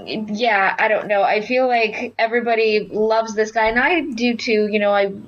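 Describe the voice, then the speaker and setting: A woman co-hosting a casual podcast chat, opinionated and quick to laugh. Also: fairly high pitch, fairly even intonation, muffled recording. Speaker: podcast co-host.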